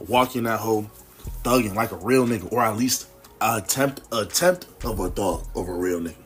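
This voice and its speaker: A young man casually telling a story from his life, animated and full of slang. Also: normal speed, faint music behind. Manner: animated, slangy, swoops up to high exclamations. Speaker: vlogger.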